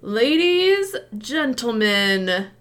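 Woman doing a booming fish-man arena announcer. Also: sing-song, a bit bright, full character voice. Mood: grandiose. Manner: grand, drawn-out announcing.

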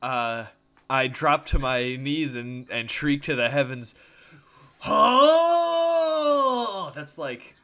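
A man's voice: medium pitch, fairly even intonation, a little slow, sharp tone, clean tone. A man playing a character in a tabletop game, speaking playfully and swearing, with lots of stammering. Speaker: player. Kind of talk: in-character tabletop role-play.

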